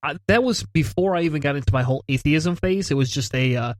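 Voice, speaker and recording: A man's voice: fairly high pitch, fast, darkish tone, no echo. A man co-hosting a podcast, telling stories in casual chat, laughing often and swearing casually. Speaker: podcast co-host.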